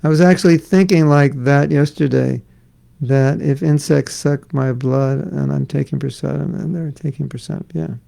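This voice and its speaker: Middle-aged guy leading a scripture class, super gravelly voice, mellow, kinda high, jokes around. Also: fairly even intonation, moderate pace, low-quality recording. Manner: conversational, joking asides. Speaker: spiritual teacher. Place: class in Florida.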